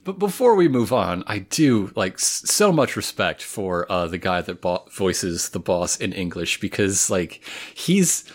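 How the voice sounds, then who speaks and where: A man's voice: low voice, lively intonation, measured pace, few pauses. Laughing man recapping an anime. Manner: enthusiastic, laughs often, rambling restarts. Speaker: podcast co-host. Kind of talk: casual anime recap chat.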